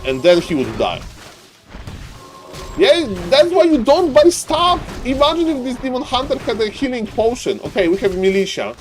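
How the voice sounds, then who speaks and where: A high-voiced man calls a strategy game live with playful, excitable commentary. He jokes about the players and laughs often. Faint music sits low in the background. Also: normal speed. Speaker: game caster.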